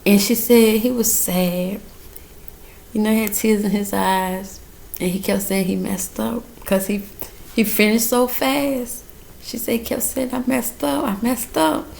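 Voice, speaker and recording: A woman's voice: mid-range voice, fairly even intonation, a little slow, gravelly, a little mellow. Earnest mother sharing a faith testimony. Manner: earnest, encouraging, rambling; emotional, near tears. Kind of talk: casual faith testimony vlog.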